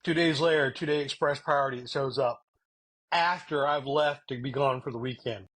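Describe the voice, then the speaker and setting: Husky man, casual joking co-host. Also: medium pitch, normal speed, a bit bright. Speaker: podcast co-host. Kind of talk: casual chat.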